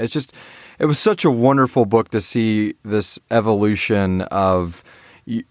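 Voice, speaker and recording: A man hosting a podcast interview, talking in a rambling, halting way with many restarts. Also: fairly low pitch, no room sound, studio quality. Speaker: podcast host. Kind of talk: casual interview chat.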